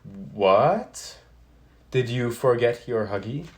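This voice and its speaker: A man voicing an excitable, forgetful young boy frog in a children's storybook reading, pitched higher and bouncier than his own voice. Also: slow. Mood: excited. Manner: high, eager and bouncy.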